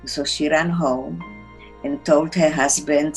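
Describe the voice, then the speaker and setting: A woman, recounting her life in an interview in halting, broken English as she searches for words. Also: low voice, fairly even intonation, darkish tone, soft background music, low-quality recording. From Czechoslovakia. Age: 80s. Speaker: interviewee, Holocaust survivor. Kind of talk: personal storytelling in interview.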